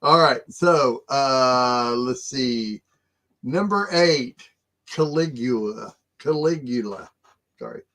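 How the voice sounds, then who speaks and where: A middle-aged man co-hosting a casual chat show, talking in a halting way with many fillers and chuckles. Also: mid-range voice, animated, pushed and bright. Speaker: co-host.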